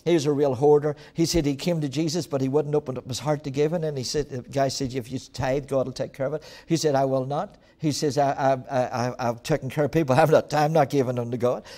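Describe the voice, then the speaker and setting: A man preaching a sermon as pastor, telling stories with sudden swings from quiet to loud and frequent laughs. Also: mid-range voice, steady tone, fast, few pauses. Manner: storytelling preacher with dramatic swings in loudness, laughs often.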